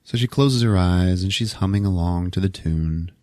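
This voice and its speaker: Low-voiced man animatedly recapping a movie. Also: normal speed, no room sound, clean studio sound. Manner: animated, profane storytelling. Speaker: podcast host.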